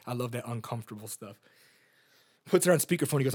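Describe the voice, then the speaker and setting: A man's voice: medium pitch, fast talker, pauses often, breathy edge. A man in his thirties hosting a podcast, telling personal stories in an earnest, open-hearted way. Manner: earnest, open about feelings, storytelling with fillers. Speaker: podcast host. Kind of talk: personal reflective monologue.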